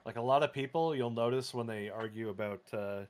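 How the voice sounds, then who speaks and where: A man's voice: medium pitch, a little fast, a little mellow. A man in a casual podcast chat, blunt and sarcastic.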